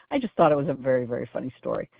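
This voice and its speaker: A woman's voice: very deep voice, creaky, slightly rough, dry recording. A woman calls in to a radio show and leaves a chatty, laughing voicemail. Her voice comes through a thin, tinny phone line with no room sound. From Oregon, US. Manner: chatty storyteller, laughing as she goes. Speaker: caller.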